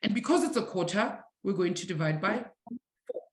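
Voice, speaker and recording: A woman from South Africa teaching a live online maths lesson, encouraging her students warmly and calling them affectionate names. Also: medium pitch, lively intonation, moderate pace, reverberant. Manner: warm, encouraging, calls students "my sweetie".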